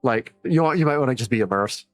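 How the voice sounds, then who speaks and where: Dude streaming a game, rambly casual chat, normal mid voice. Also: male voice, medium pitch, lively intonation, quick pace, no room sound, soft background music. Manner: chatty, rambling, with restarts while reading game text. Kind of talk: casual live-stream commentary.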